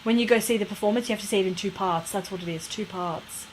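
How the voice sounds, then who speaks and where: A woman's voice: medium pitch, fast talker, a little hiss or hum, low-quality recording. A woman co-hosting a podcast in casual chat, unsure of her facts and correcting herself as she goes. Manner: chatty, unsure, self-correcting. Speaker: podcast co-host.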